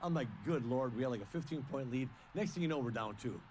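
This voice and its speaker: A man telling stories about an old teammate in an interview, animated and acting out what was said. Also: medium pitch, fast, slight background noise. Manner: animated, acts out quotes. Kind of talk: casual storytelling in an interview.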